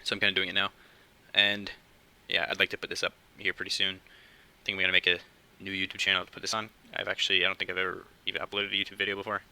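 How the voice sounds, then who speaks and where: A young man hosting his own casual podcast, talking quietly and hesitantly at home late at night, with many fillers. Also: deep voice, monotone, quick pace, smooth, low-quality recording. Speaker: podcast host. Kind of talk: casual solo podcast talk.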